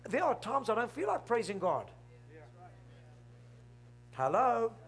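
A male pastor preaching an emphatic, animated sermon, often breaking in with "hello?". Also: very high-pitched, slow.

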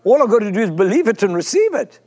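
Emphatic high-voiced man preaching. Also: very animated, quick pace, a little mellow. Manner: emphatic, repeats phrases and asks the congregation questions. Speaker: pastor. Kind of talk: sermon.

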